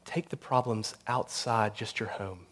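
A man, the pastor, delivering a sermon that builds to intense storytelling and closes in a quiet prayer. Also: lowish voice, steady tone, measured pace.

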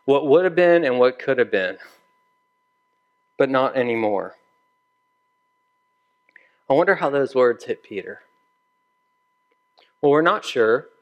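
A man's voice: mid-range voice, animated, takes it slowly, pauses often, highs cut off. A man preaching a sermon in a conversational storytelling way, acting out the dialogue of the people in his story. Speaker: pastor.

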